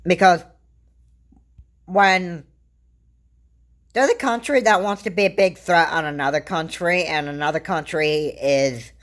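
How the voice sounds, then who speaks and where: A woman talks through political views in a loose, casual commentary. Her voice sits low and she takes her time, and her thoughts wander and halt, with frequent restarts along the way. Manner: rambling, halting, with frequent restarts and fillers. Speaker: vlogger.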